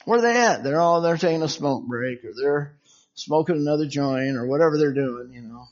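A man's voice: fairly high pitch, animated, brisk. A man preaching an informal sermon in a chatty, conversational way, peppered with "you know", chuckles and acted-out dialogue. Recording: dull lo-fi sound.

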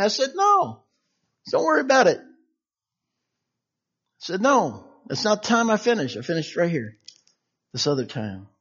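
A man preaching an informal sermon in a chatty, conversational way, peppered with "you know", chuckles and acted-out dialogue. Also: extremely high pitch. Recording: dull lo-fi sound.

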